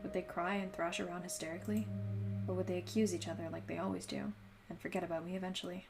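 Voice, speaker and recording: A woman's voice: on the low side, level tone, fast, creaky. Chatty woman reading a game. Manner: chatty, laughing asides. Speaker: gaming channel host. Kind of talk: let's play, reading game text aloud. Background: game music.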